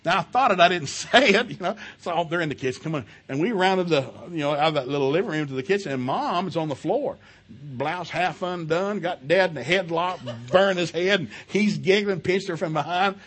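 A middle-aged man preaching at a marriage seminar, telling loud, animated family stories between scripture readings. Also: moderate pace, husky. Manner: loud and animated, with big jumps in pitch and volume and laughter at his own stories; folksy storytelling mixed with scripture reading. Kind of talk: sermon.

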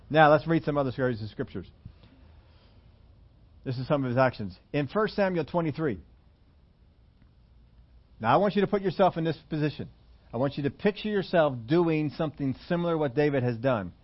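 A man preaching a sermon, telling a scripture story with animated, acted-out voices for its characters. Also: a little high, fairly quick, long pauses. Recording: muffled lo-fi sermon recording.

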